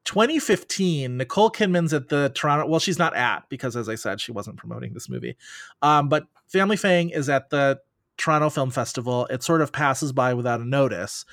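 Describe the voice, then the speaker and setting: A man guesting on a podcast, chatting casually and riffing in long, animated run-on thoughts full of "like"s. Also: medium pitch, a little fast, dry recording, studio quality.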